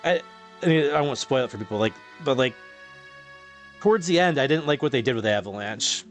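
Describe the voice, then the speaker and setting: A man hosting a live game stream, casually chatting and reading viewer comments aloud, laughing often and stumbling over his words, his voice getting a bit hoarse. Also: medium pitch, animated, brisk, soft background music. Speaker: streamer host reading chat.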